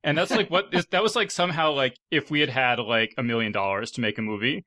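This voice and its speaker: Man, podcast host, bright tone, dry sound, chatty, filler words, laughing often. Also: mid-range voice, fast talker, dry recording. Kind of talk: casual panel discussion.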